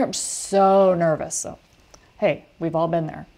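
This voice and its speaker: Animated woman coaching an online class. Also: lowish voice, moderate pace. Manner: animated storytelling with lively asides. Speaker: film industry coach. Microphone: video call.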